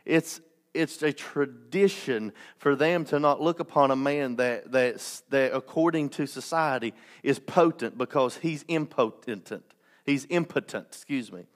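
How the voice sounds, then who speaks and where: A man preaching a sermon as pastor, impassioned, with restarts and joking asides. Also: on the high side.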